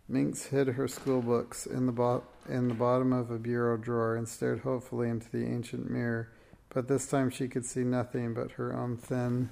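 A man narrating a children's storybook as an audiobook reading, in a steady, plain storytelling manner. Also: medium pitch, creaky.

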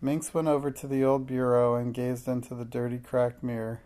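A man's voice: medium pitch, flat delivery, moderate pace. A man reading a children's storybook aloud, giving the characters light voices. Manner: gentle, reads children's dialogue with light voices. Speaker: narrator.

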